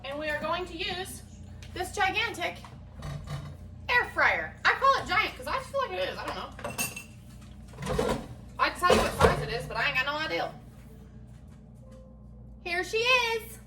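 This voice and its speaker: A woman's voice: extremely high pitch, big pitch swings, unhurried, pauses often, very noisy. A woman, a chatty, folksy mother talking through a casual home cooking vlog in her kitchen with self-deprecating humor. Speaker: home cook vlogger and mother.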